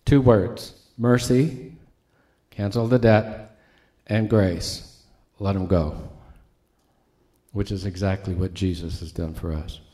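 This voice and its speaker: A man's voice: low-pitched, steady tone, takes it slowly, long pauses, dark tone. A man preaching a sermon as a pastor, teaching in a conversational way with asides to his congregation.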